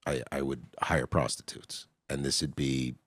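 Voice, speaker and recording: A middle-aged comedian from Canada telling crude, blunt stories in casual talk, often dropping to a low, hushed voice. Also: male voice, fairly even intonation, normal speed, no echo. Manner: crude, blunt storyteller who drops to a low, hushed voice for confessions. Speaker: comedian guest. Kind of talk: casual podcast storytelling.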